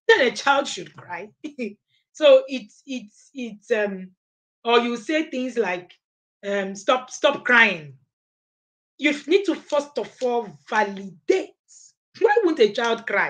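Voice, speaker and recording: A middle-aged parenting coach runs a live online class and answers questions, speaking emphatically, repeating her points, and often asking "okay?" Her voice is on the high side and fairly bright.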